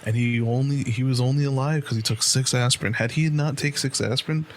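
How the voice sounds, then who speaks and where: Brisk and steady, this medium-pitched man keeps his long podcast story moving. In his late twenties and co-hosting the show, he swears freely and fills his loose storytelling with "like" and "right?". A little hiss or hum is audible.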